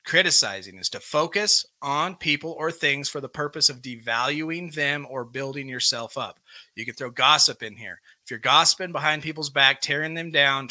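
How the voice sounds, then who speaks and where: A man's voice: mid-range voice, sharp tone. A man hosting a live recovery group, plainly reading out character defects from a workbook and explaining each one. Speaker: recovery meeting host. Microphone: live stream microphone.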